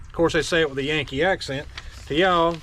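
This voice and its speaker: Blunt high-voiced man ranting. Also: fairly even intonation, a little fast, fairly bright tone, a little hiss or hum. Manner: blunt, scolding, folksy, with mocking asides. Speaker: firearms vlogger. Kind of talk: opinionated rant to camera.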